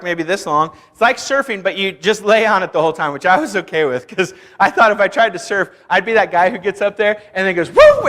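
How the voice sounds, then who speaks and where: Animated young pastor in a reverberant church. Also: male voice, high-pitched. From Kansas. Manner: animated, acts out dialogue with shouts and laughs. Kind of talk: sermon with storytelling. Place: church sanctuary. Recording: long hall reverb in a church.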